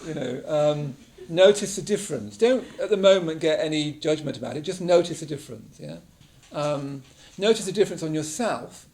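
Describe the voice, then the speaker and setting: A man leads a mindfulness class in a relaxed, conversational talk, his voice a little higher than most and noticeably gravelly. He keeps checking in with the group as he goes, tossing in a quick "yeah?" to draw them along. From England. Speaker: meditation teacher. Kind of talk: casual teaching talk to a class. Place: meditation class room.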